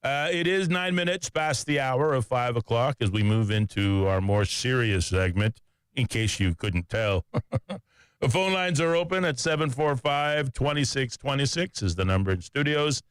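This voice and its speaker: A man's voice: medium pitch, expressive, moderate pace, clean tone, no echo. A man hosting a radio talk show in a studio, chatty and joking at his own expense. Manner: chatty, joking and self-mocking.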